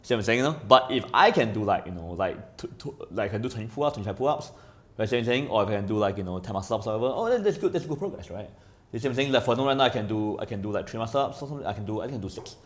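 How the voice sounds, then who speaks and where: A man talking as a podcast guest in casual chat. He rambles, swears often and keeps asking "right?", swinging between loud and quiet. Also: lowish voice, expressive, rapid-fire.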